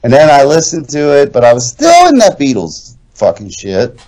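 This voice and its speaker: This is a middle-aged man in casual podcast chat, telling a long story with plenty of swearing. His pitch rises and falls a great deal as he acts out the people he quotes, and his voice sits in the middle range. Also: wildly swooping pitch, moderate pace, darkish tone, rough recording. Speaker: podcast co-host.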